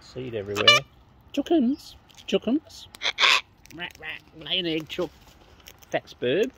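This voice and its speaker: A woman's voice: deep voice, lively intonation, normal speed, vocal fry, background noise. An Australian woman outdoors, chatting playfully and affectionately to wild birds she is feeding. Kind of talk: casual chat to birds.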